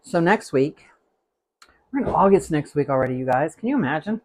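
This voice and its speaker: A man's voice: fairly high pitch, animated, fairly quick, darkish tone. A man hosting a live cooking stream, chatting casually and rambling as he tastes the food. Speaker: cooking show host.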